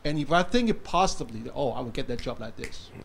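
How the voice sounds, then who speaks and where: Audience man, hesitant question, gravelly tone. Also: mid-range voice, expressive, fast, a little hiss or hum. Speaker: audience member. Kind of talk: asking a question.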